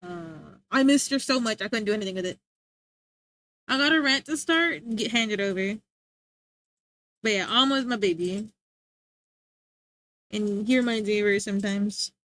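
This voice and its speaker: A young woman streamer in casual chat, slangy and animated with lots of filler words, talking into a desk mic. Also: medium pitch, normal speed, pauses often.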